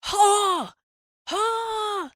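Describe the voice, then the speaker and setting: A woman voicing a bossy farm boy who boasts and shouts commands at his calves, in a storybook reading. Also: mid-range voice, sing-song, measured pace, no echo, clean studio sound, voice pushed up. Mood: shouting.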